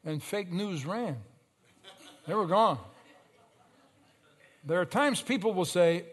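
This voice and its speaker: A male pastor preaching a sermon, telling stories with sudden loud surges and slow, emphatic phrases. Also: sits high.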